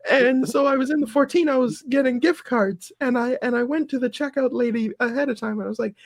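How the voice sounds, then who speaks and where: High-voiced man laughing through a story. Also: brisk, creaky, no room sound. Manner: laughs through his own story, animated. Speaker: podcast guest. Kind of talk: casual storytelling.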